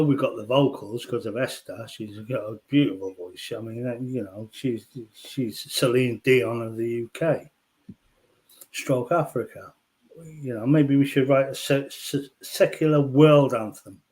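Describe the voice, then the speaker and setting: A man from Liverpool with a softened Scouse accent, chatting casually and rambling with jokes and fillers. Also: mid-range voice, measured pace, rough recording. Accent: Scouse, softened by years in London. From England (Liverpool). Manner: rambling, jokey, frequent fillers and swearing. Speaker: guest on a discussion stream. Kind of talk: casual chat.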